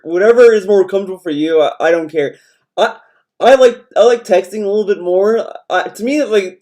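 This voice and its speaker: A man's voice: sits high, a little mellow. A young adult man streamer ranting in casual chat, swearing often and rambling as he talks. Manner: profane, rambling rant.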